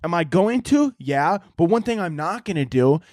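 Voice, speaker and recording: Profane, ranting young man, higher voice. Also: normal speed, dry recording, studio quality. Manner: profane, animated ranting with mocking impressions. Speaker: podcast host. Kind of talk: solo comedy podcast rant.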